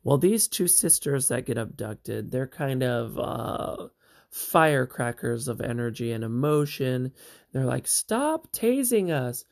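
Slow, gravelly man reviewing a TV show. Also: mid-range voice. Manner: chatty, meandering, with frequent asides. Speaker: TV series reviewer. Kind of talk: casual spoken review.

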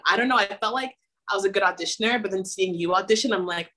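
Bright, effusive woman guest. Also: mid-range voice, fast, low-quality recording. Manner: effusive, animated storyteller. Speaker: guest actress. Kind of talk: casual chat.

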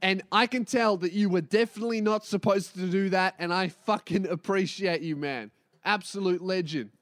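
A man's voice: high-pitched, moderate pace, no echo, clean studio sound. A man, telling a comedic story and acting out the dialogue. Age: 20s. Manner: animated, swearing, acts out dialogue. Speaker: podcast host.

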